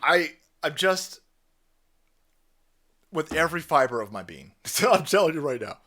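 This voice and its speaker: Brief: male commentator, mocking and crude, animated and up-pitched. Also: unhurried, pauses often. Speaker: online commentator. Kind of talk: profane reaction commentary.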